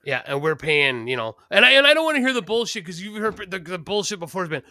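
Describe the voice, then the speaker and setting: A man's voice: high voice, sing-song, fast talker, hardly any pauses, sharp tone, no room sound, studio quality. A Canadian man co-hosting a casual podcast, blunt and profane, ranting about prices. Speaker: podcast co-host.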